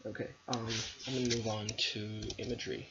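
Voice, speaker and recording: Gravelly-voiced young man, hesitant. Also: mid-range voice, little pitch movement, quick pace. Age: young adult. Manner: hesitant, many ums and restarts. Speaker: student. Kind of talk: recorded literary analysis presentation. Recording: dull lo-fi recording with faint background noise.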